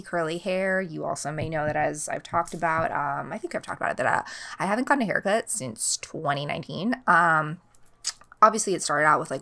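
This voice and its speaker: A young woman hosts her podcast in a loose, rambling chat, her voice sitting a little low with a gravelly fry. She fills her talk with fillers and trails off mid-thought. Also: sharp tone. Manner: chatty, rambling, many fillers like "um" and "like". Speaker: podcast host. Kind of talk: casual chat. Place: home in Los Angeles.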